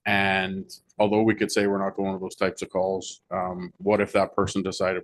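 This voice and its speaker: A man speaking as fire chief at a council meeting, explaining things in a measured way with frequent fillers. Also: sits low, monotone, no room sound.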